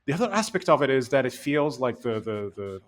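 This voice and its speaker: A man co-hosts a game podcast, chatting casually about a game review with lots of animation. His mid-range voice is sing-song and brisk, and he rambles, restarting often.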